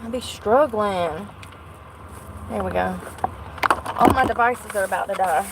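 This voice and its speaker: A woman's voice: medium pitch, unhurried, pauses often, background noise. A young woman, chatting casually and self-deprecatingly in her vlog, swearing now and then. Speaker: vlogger.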